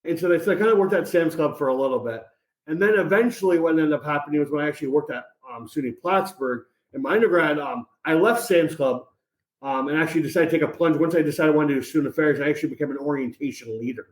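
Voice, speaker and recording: An energetic man speaks as a podcast guest, rattling off stories at a quick clip with a slightly raised pitch. He leans on casual fillers and keeps the mood upbeat. His voice rings in a roomy, echoey space. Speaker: podcast guest, college advisor. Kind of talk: casual interview chat.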